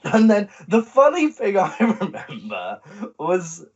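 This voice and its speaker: A man's voice: sits high, wildly swooping pitch, takes it slowly, darkish tone, breathy edge. A young man co-hosting a podcast in casual chat, blunt and dry in his remarks. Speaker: podcast co-host. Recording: dull lo-fi sound.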